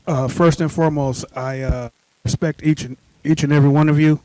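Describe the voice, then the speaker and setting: A man, a shop steward, asking the panel a question into a handheld microphone, halting and earnest with formal phrasing. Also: a little high, steady tone, dark tone, no echo. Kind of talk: audience question at a live event.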